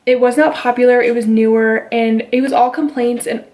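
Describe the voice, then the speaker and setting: A woman's voice: a little high, steady tone, moderate pace, a little mellow. A young woman vlogging at home, chatting casually as she retells a story and quotes the people in it. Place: at home with her baby.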